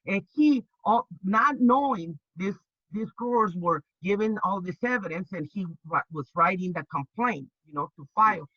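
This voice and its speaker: An older woman, a labor organizer, telling her stories in an interview with lively energy, stumbling and restarting often and acting out the voices she quotes. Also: medium pitch, slightly rough, dry recording, muffled recording. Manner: animated, halting with many restarts, acts out quoted voices. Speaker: labor organizer and activist guest. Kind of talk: storytelling interview.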